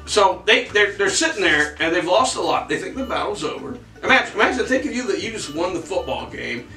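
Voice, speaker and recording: A man co-hosting a history podcast, telling the story in a casual, profane, animated way. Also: high voice, a little fast, recorded from a distance. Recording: echoey room, off-mic, faint music.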